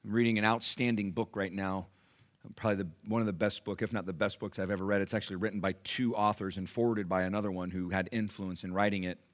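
A man preaching a sermon as pastor, animated, with rhetorical questions, swinging between loud emphasis and hushed asides. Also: lowish voice, fast talker.

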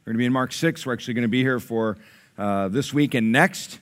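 A man's voice: medium pitch, quick pace. A man preaching a sermon in a playful, conversational way, joking with and questioning his congregation. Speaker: pastor.

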